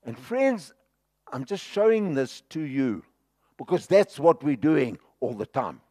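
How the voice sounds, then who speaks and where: A man preaching a sermon with impassioned, dramatic swings between loud outbursts and hushed passages, with a South African accent. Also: mid-range voice, very animated, measured pace, breathy edge.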